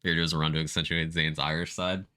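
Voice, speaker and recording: A man's voice: rumbling low, level tone, quick pace, sharp tone, clear, resonant tone. A man streaming a video game, chatting casually about gear and reading out viewer comments as he plays. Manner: chatty, reads out viewer chat while playing.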